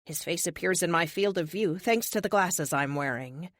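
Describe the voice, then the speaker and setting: Woman audiobook narrator, first-person superhero novel, brisk and wry, lively, dry studio read. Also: lowish voice, no room sound.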